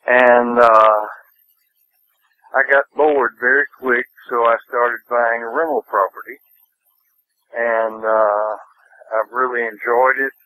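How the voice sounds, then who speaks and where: An older man from Nashville, telling stories as an interview guest in an unhurried, rambling way. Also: medium pitch, steady tone, pushed and bright, no echo, poor audio. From Nashville, Tennessee. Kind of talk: casual interview.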